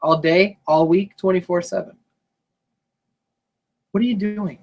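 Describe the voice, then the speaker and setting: A man with a high-pitched voice co-hosting a casual wrestling podcast. He talks loudly and jokes around, swearing freely as he banters with his co-host. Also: fairly even intonation, a little slow, lo-fi sound. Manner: loud, joking, profane banter.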